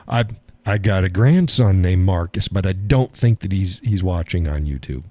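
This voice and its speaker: Older male stream host, folksy and wry, mellow tone, dead-dry close sound. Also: low-pitched, lively intonation, normal speed, dry recording. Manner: folksy, sardonic, chuckling often. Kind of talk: casual political chat.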